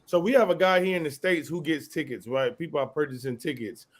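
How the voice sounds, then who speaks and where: A man's voice: fairly high pitch, brisk. Man co-hosting a casual fan chat. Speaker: co-host.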